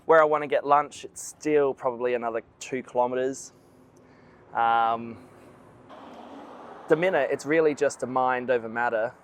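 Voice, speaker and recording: A man's voice: medium pitch, fairly even intonation, normal speed, long pauses, slight background noise. A tired man walking a long route and talking to the camera in a plain, self-mocking way, outdoors by roads. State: weary from walking. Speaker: vlogger on a long walk. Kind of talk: walking vlog talk to camera.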